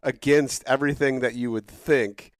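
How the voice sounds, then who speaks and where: A man co-hosting a podcast in casual chat, an animated storyteller who acts out the people he quotes. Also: medium pitch, normal speed, no echo, clean studio sound. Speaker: podcast co-host.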